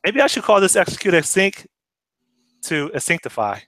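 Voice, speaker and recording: A man's voice: high-pitched, big pitch swings, moderate pace, a bit bright, no room sound. A man chatting casually while programming, thinking aloud and asking questions as he works. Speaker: programmer sharing his screen. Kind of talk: casual pair-programming chat.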